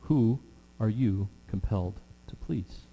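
A middle-aged man preaching a sermon with earnest, drawn-out emphasis and frequent fillers. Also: on the low side, warm tone. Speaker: pastor. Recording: long hall reverb with mains hum.

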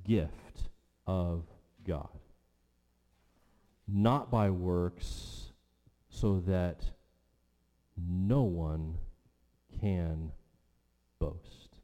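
A pastor with a low, warm voice preaches a sermon, drawing out his words and leaving long pauses. His emphatic delivery rises and falls, echoing with the long reverb of a church hall.

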